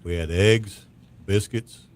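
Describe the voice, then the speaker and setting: Deep-voiced laid-back radio co-host man. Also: slow pace. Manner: laid-back, mostly short agreeing remarks. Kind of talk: casual morning radio banter. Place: radio studio.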